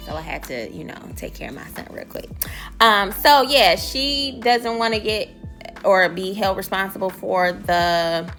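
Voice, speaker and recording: Chatty woman with a gravelly bright voice. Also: mid-range voice, expressive, a little slow, faint music behind. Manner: chatty, slangy, gossipy retelling. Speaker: TV show recapper. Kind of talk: casual chat.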